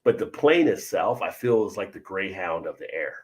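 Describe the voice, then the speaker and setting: A man's voice: sits low, normal speed. A man hosting a casual live beer chat, telling stories with emphatic repeats. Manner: animated storytelling, emphatic repeats. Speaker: host.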